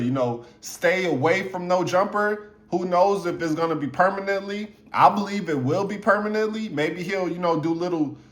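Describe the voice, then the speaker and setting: A man's voice: high-pitched, fairly bright tone. A man giving casual, opinionated commentary straight to his viewers, loose and conversational with plenty of fillers. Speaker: YouTube commentator.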